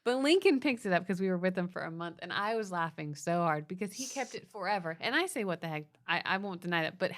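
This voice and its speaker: Chatty woman with a lowish voice. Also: animated, fast, hardly any pauses, a bit bright. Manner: chatty, laughs easily, gives advice. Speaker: podcast co-host, parent. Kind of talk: casual parenting podcast chat.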